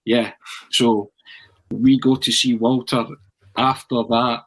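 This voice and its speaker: A man's voice: medium pitch, slow pace, low-quality recording. Man telling a long anecdote. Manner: animated storyteller, frequent restarts and "eh". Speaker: podcast pundit.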